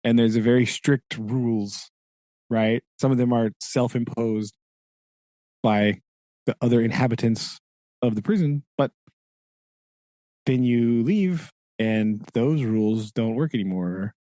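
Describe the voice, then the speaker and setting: A man's voice: medium pitch, a little slow, long pauses, mellow, no room sound. A man co-hosting a casual book discussion, rambling along with lots of "like" and "right?" and laughing at his own asides. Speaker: podcast co-host.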